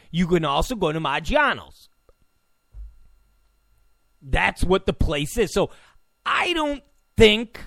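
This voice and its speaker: A male talk show host delivering an incredulous, sarcastic rant, repeating himself and breaking into sudden shouts. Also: sits high, creaky, no echo. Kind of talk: ranting commentary. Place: Los Angeles.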